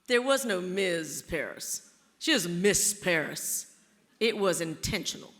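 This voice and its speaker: Lively, playful woman storyteller on stage. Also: on the low side, measured pace. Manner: theatrical, playful, teasing the audience. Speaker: keynote speaker, storyteller. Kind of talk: live storytelling keynote. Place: large auditorium. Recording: long auditorium reverb.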